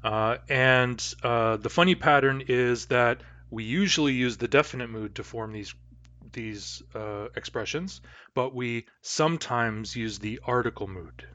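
A man's voice: medium pitch, unhurried, pushed and bright, dry recording. Man, language teacher, patient, repeats examples, dry room, slightly muffled. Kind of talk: classroom language lesson.

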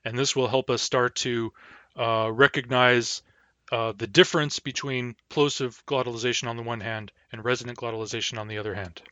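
A man's voice: medium pitch, steady tone, brisk, pushed and bright, no echo. A man teaching a language, giving a pronunciation lecture and saying each example word twice as a model. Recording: dull, lo-fi dry recording.

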